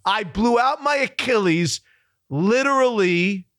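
A man hosting a sports podcast, telling a story in a casual, animated way and laughing at himself. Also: high-pitched, takes it slowly, no room sound, clean studio sound. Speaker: sports radio host.

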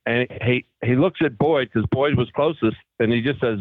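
A man's voice: medium pitch, moderate pace, dry recording. A man on a phone line, casually telling old tour stories and acting out the voices of the people in them. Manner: animated storyteller acting out quoted voices. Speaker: guest golfer. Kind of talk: casual storytelling.

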